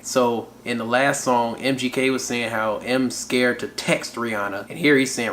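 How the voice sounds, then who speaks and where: A man's voice: mid-range voice, steady tone, normal speed, few pauses, fairly bright tone, slight background noise. A man hosting a casual song review, laid-back and slangy, chuckling often as he talks. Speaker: music reaction channel host. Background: hip hop track playing.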